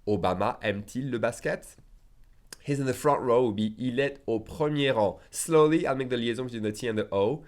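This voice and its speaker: A man with a French accent teaches his native language in a relaxed lesson, his voice sitting at an ordinary middle pitch. He says each example sentence slowly and carefully, then keeps checking in with the learner by asking "okay?". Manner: slow deliberate pronunciation of French examples, frequent "okay?" check-ins.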